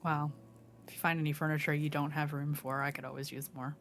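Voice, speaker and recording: A woman's voice: low voice, level tone, fast, soft background music. A woman playing a character in a tabletop role-playing game, casual and dry. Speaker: player.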